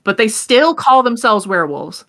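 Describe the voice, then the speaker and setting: A woman's voice: a little high, sing-song, normal speed, pitched above the performer's own voice. A woman voicing Ashton, a brash, competitive young man taking charge in a tabletop game. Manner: loud, bossy.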